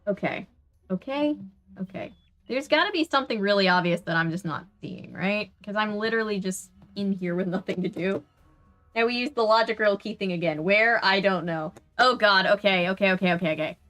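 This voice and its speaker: A woman with a Southern US accent streams a video game, keeping up a casual, chatty running commentary. She sounds exasperated and argues with the game while talking to her viewers, her voice sitting at an everyday middle pitch. Faint game music plays behind her. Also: fairly quick, fairly bright tone. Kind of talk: casual let's-play commentary.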